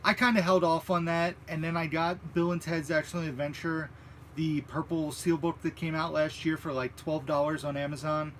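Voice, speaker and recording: A man co-hosting a movie live stream, chatting in a relaxed, hesitant way and reading out viewer questions. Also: fairly high pitch, normal speed, slight background noise.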